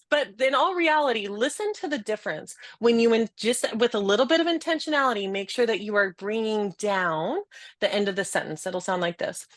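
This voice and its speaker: A woman in her thirties, a communication trainer, talking in a webinar conversation, animated and laughing often as she demonstrates speech patterns. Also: on the high side, a little fast, no room sound.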